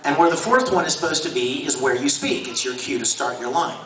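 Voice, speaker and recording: A medium-pitched, fairly quick and slightly bright male voice belongs to a voice actor guest at a convention panel. He tells the audience stories with enthusiasm and lots of laughter, heard from far off through a handheld camera in a noisy, echoey hall.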